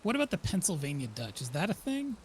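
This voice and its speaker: A man's voice: high-pitched, big pitch swings, fast, slightly rough. A man co-playing a survival game on a stream, joking in a dry, self-deprecating way. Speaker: guest co-player. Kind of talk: casual gaming chat.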